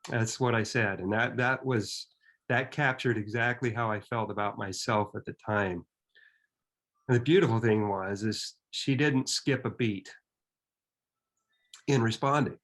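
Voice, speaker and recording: A man in his fifties telling a personal story in an earnest, reflective way, often pausing and restarting his sentences. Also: lowish voice, fairly bright tone.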